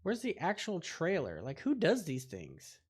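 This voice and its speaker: A man's voice: a little high, huge pitch swings, a little slow, breathy edge. A man hosting a casual livestream chat, rambling as he reacts aloud to clips. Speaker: host.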